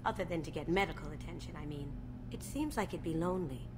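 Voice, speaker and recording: A woman voicing a calm, wry female thief in a video game, talking in a soft, reflective way. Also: deep voice, fast talker, music in the background, close to an everyday voice. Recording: game audio with clear background noise.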